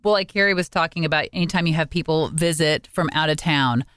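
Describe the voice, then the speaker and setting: A woman co-hosting a podcast, chiming in briskly and in a friendly way. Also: sits low, a bit bright, clear, resonant tone, no echo, studio quality. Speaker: podcast co-host. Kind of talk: casual podcast chat.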